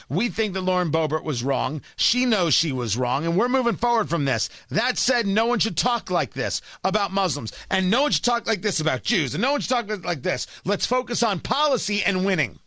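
A man's voice: high-pitched, sharp tone, dry recording, clean studio sound. A man hosting a political commentary show, scolding and exasperated as he rants about his own side.

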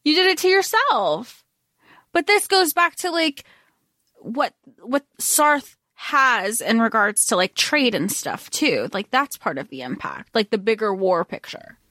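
A woman's voice: a little high, big pitch swings, unhurried, sharp tone, no room sound, clean studio sound. A woman co-hosting a podcast, chatting casually about a book and thinking aloud as she talks. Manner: thinks aloud, gathers her words mid-sentence. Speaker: podcast co-host. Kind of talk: casual book discussion chat.

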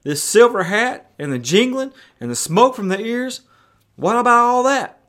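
A man voicing an excitable, fussy grown man who sounds agitated and disbelieving. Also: medium pitch, normal speed, lightly acted. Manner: agitated, incredulous.

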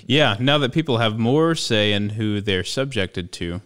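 A man's voice: lowish voice, expressive, a little slow, a bit bright, clear, resonant tone. A man co-hosting a casual podcast about scripture, playful and joking. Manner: playful, jokes and plays devil's advocate. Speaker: podcast co-host.

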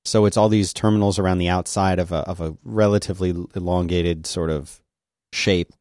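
A man's voice: deep voice, fairly even intonation, a little fast, darkish tone, dry recording, clean studio sound. A man chatting casually as a podcast co-host, agreeable and explaining things at length. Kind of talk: casual chat.

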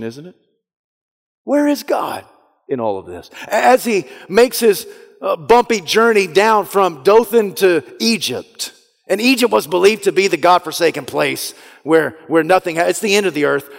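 A male pastor preaching a sermon, retelling a story dramatically, dropping to a hush and then rising loud. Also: sits high, expressive, normal speed, gravelly. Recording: long hall reverb.

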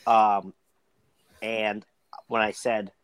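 A man's voice: lowish voice, little pitch movement, drawn-out words, clear, resonant tone, dry recording, low-quality recording. A man co-hosting a podcast, chatting casually with friends, rambling and joking with frequent restarts. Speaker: podcast co-host. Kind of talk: casual banter among friends.

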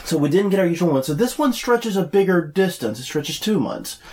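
A man's voice: high voice, lively intonation, a little mellow. Congested nasal man co-hosting a podcast. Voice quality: slightly nasal. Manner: chatty and joking, reads listings briskly. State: congested from a cold. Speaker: podcast co-host. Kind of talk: casual podcast chat. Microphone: desk mic, no lavalier.

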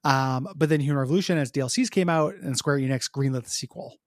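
A man's voice: medium pitch, fast talker, dry recording, clean studio sound. A man co-hosting a podcast in casual game review chat, rambling with many ums and restarts. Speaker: podcast co-host.

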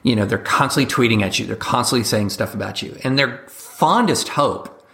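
A man speaking as a guest commentator in a casual interview, talking quickly and animatedly, slipping into mock voices for examples. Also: medium pitch, vocal fry, fairly bright tone.

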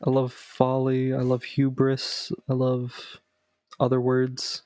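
A man co-hosting a casual podcast, tossing out deadpan and crude one-liners. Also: medium pitch, slow. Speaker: podcast co-host. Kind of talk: casual chat.

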